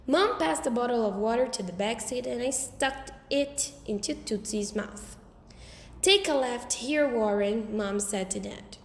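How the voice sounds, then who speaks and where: High-voiced woman reading a storybook. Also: normal speed, vocal fry, hardly any pauses, slight background noise. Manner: lively, expressive reading. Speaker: audiobook reader. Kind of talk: storybook narration. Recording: roomy with long reverb.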